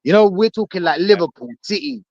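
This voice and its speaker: A man joining a live chat show as a guest, animated and joking, full of shout-outs. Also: high voice, a little fast, vocal fry, highs cut off, a loud crowd. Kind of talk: casual live podcast chat.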